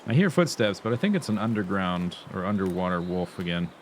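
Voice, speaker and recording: A man's voice: low voice, big pitch swings, brisk, a little hiss or hum. A man streaming a survival game, chatting casually and playfully to himself, sometimes humming nonsense sounds. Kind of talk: casual gameplay commentary.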